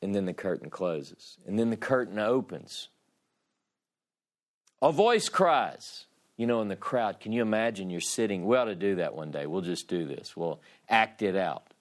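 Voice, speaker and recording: A man teaching a scripture class, who reads passages aloud with dramatic emphasis and then explains them in a loose, conversational way with frequent restarts. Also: sits low. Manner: slow and deliberate, with frequent restarts. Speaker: Bible teacher.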